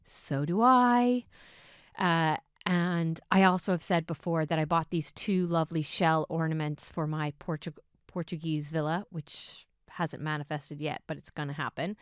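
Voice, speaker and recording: Low, smooth-voiced woman podcast host. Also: no room sound, clean studio sound. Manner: excitable, swings between hushed asides and bursts of enthusiasm. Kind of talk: casual solo podcast storytelling.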